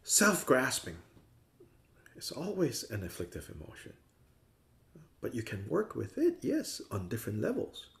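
A man's voice: mid-range voice, huge pitch swings, a little slow, vocal fry, pauses often. A man teaching a Buddhist class in a conversational way, often acting out the views he discusses with playful voices. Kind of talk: dharma class lecture.

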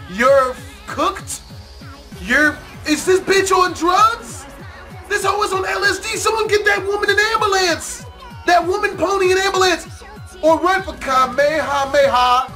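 A man hosting a reaction video, shouting profane exclamations and laughing as he comments. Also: extremely high pitch.

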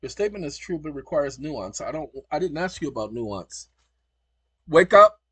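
A man's voice: fairly high pitch, lively intonation, brisk, a little mellow, slightly rough, no room sound. A man hosting his channel, lecturing combatively and spelling words out letter by letter. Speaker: channel host. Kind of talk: commentary on screen recording.

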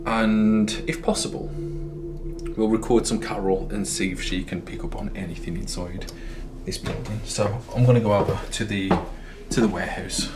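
Brief: breathless male ghost-hunting vlogger, excitable, faint noise behind. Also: lowish voice, moderate pace. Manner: excitable, swears when startled. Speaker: paranormal investigator host. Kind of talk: casual vlog narration. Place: old building, indoors.

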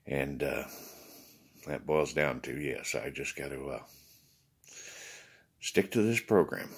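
A vlogger speaks to his viewers in a slow, rumbling low voice with a breathy edge, expressive throughout. Tired after a short night's sleep, he rambles casually, swears freely, and acts out quoted exchanges.

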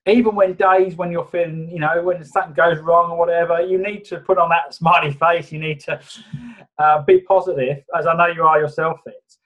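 A man answering interview questions on a video call in a steady, measured way, with many fillers. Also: on the high side. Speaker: guest. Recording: dull video-call audio.

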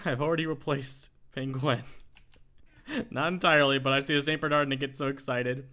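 A man hosting a casual Minecraft let's play, chatting excitedly as he plays and talking to the animals he finds. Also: mid-range voice, normal speed. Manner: excitable, talks to in-game animals. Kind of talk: casual gameplay commentary.

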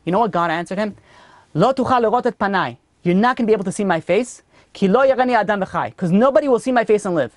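Rabbi telling stories in a torah talk, voice jumps up on the big points, dry room. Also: male voice, high voice, quick pace, no room sound. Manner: storytelling, rising with emphasis on key points. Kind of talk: Torah lecture.

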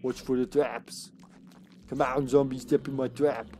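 A man's voice: medium pitch, level tone, a little slow, dark tone, slight background noise. A man casually commenting on his live gameplay, laughing often, taunting enemies and slipping into a put-on Austrian action-hero accent. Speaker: streamer.

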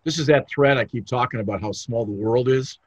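A man's voice: mid-range voice, fairly quick, no echo. A man hosting a casual interview, chatty and rambling with restarts. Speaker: interviewer, host. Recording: dull, dry lo-fi sound.

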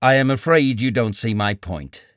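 A man voicing a bitter young male writer who argues in a cool, measured way, read in an audiobook. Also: medium pitch, lively intonation, no echo, studio quality, close to an everyday voice. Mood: reasoning. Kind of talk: audiobook character reading.

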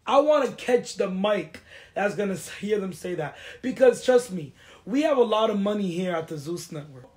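A young woman from the US East Coast hosting a chat show, ranting in a confrontational, animated way and slipping into Spanish phrases. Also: mid-range voice, moderate pace. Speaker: podcast host. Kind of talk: heated casual chat.

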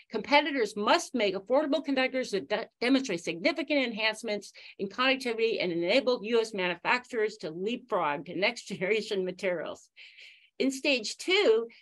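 A woman with a fairly high voice reads prepared remarks announcing competition winners in a webinar. She sounds upbeat and moves through her slides steadily. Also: fairly bright tone. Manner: upbeat, reading prepared remarks with light laughs. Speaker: prize announcer.

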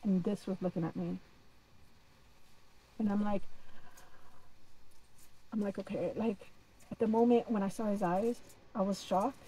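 A woman's voice: medium pitch, steady tone, a little slow, long pauses, mellow, husky, rough recording. A woman telling a story to camera in a casual, dramatic way, often repeating herself.

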